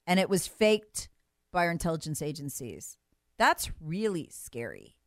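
A woman's voice: low-pitched, very animated, a little slow, no room sound. Woman radio host, fiery and emphatic, dry close studio sound. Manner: impassioned, emphatic, mocking. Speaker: radio talk show host. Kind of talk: political talk radio commentary.

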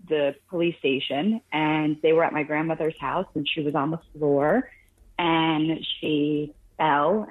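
Brief: deep-voiced woman caller, earnest and halting, heard over a thin phone line. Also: slightly rough. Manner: earnest, halting storytelling with many restarts. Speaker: caller sharing a caregiving story. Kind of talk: phone-in radio conversation.

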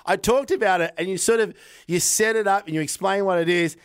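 A man's voice: sits high, brisk, clean tone, no room sound. Upbeat thirties man, podcast chat, dry close mic, chuckling storyteller. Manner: animated, laughs often, acts out his kids' voices. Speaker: podcast guest, father. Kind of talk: casual chat.

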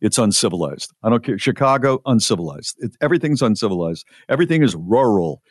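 A man hosting a podcast, telling a story in a casual, animated, mock-indignant way. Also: fairly low pitch, fast, breathy edge, no echo, studio quality. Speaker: podcast host.

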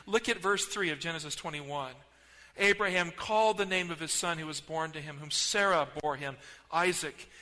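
Male preacher, high and piercing, dramatic hush-and-swell delivery, long church reverb. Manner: dramatic, swings between loud emphasis and near-whispers. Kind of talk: sermon. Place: church sanctuary.

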